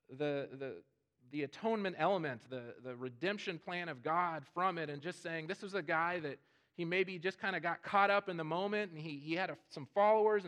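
A man's voice: on the high side, fairly bright tone. A man preaching a sermon in an earnest way, often repeating words as he starts a phrase. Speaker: pastor.

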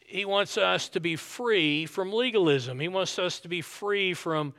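A man's voice: sits high, unhurried, fairly bright tone. A man preaching a sermon, earnest and emphatic, repeating his key points. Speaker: pastor.

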